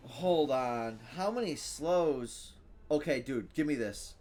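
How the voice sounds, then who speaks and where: A young man streaming a card game, casual and excitable, muttering to himself and then breaking into loud shouts. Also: mid-range voice, unhurried. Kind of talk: casual gameplay commentary.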